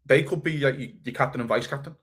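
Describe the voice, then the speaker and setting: A man co-hosting a casual football podcast, blunt and animated, swearing freely. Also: medium pitch, quick pace, breathy edge. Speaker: podcast co-host.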